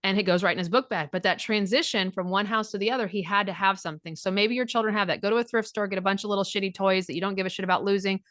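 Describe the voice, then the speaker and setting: A woman's voice: medium pitch, fairly even intonation, very fast, few pauses, a bit bright, no room sound, clean studio sound. A middle-aged woman speaking as a divorce recovery coach, blunt and frank, swearing freely and acting out quoted dialogue. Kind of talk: direct coaching talk.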